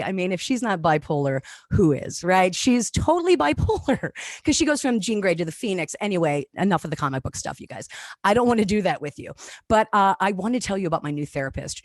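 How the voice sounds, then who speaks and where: A woman in her thirties talks like a stand-up comedian, energetic and jokey, with a voice that swings up and down in pitch. The sound is dry and close, as on a video call. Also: no echo. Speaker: comedian and webinar speaker. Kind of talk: stand-up style talk on mental health.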